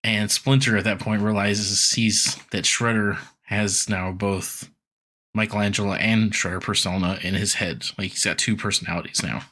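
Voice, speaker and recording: A man's voice: lowish voice, steady tone, moderate pace, sharp tone. A man co-hosting a podcast, retelling a cartoon episode loosely with lots of "like" and quoted voices. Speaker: podcast co-host. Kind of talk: casual podcast recap.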